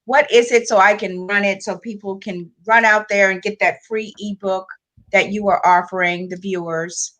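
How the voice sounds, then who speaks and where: A woman's voice: medium pitch, steady tone, moderate pace, a bit bright. A woman hosting an interview who offers brief encouragements and asks plain questions. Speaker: host. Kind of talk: casual interview.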